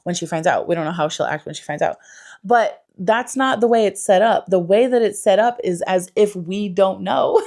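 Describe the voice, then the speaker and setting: A woman giving a casual, animated book review, swearing freely and saying "like" a lot. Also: medium pitch, moderate pace. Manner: animated, swears, lots of "like" fillers.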